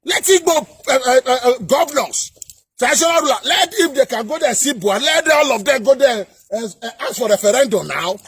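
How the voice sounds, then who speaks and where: High, husky Nigerian man shouting. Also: expressive, fairly quick, dry recording. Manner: ranting, repeats phrases and often shouts. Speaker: political commentator. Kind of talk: impassioned political rant to camera.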